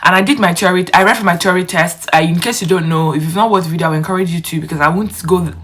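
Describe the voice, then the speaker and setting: A woman's voice: on the low side, quick pace, a bit bright, slightly rough. A young woman, talking to her viewers in a chatty, casual vlog. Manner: chatty, addresses viewers directly. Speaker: vlogger. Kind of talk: casual vlog talk to camera.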